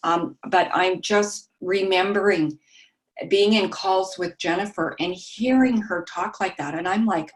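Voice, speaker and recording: A woman sharing in a study group, soft-spoken and halting, with frequent pauses and ums. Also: medium pitch. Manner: describes herself as meek and mild.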